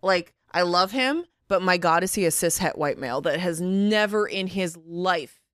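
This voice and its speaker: A woman's voice: fairly low pitch, moderate pace, fairly bright tone, clean tone, no room sound, clean studio sound. A woman co-hosting a podcast, chatty and joking, laughing often as she talks. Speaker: podcast co-host. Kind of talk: casual chat.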